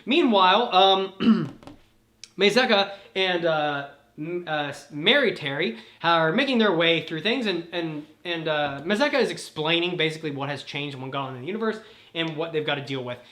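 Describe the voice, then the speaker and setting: A man's voice: on the high side, animated, moderate pace, bright, forceful tone, roomy sound. A man casually recapping a story, rambling with frequent swearing and laughter. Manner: rambling, profane, laughs often. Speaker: host.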